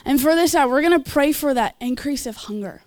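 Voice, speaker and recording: A woman's voice: high voice, animated, a little fast, darkish tone. A woman preaching and leading prayer at a church gathering, earnest and encouraging, with small asides and laughs. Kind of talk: sermon and altar call.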